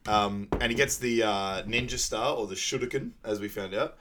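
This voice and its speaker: A man's voice: on the low side, normal speed, a bit bright, a little hiss or hum. A man co-hosting a podcast, casually recapping a film and laughing as he acts out quotes. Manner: laughs at his own retellings, acts out quotes. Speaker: podcast co-host. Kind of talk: casual movie recap chat.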